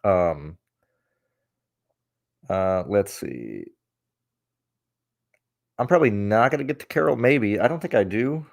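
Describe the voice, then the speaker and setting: A man's voice: lowish voice, very animated, slow, creaky, pauses often. A man hosting a casual livestream, rambling and cursing as he vents his frustration. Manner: rambling and profane, with many restarts; frustrated and venting. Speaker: host.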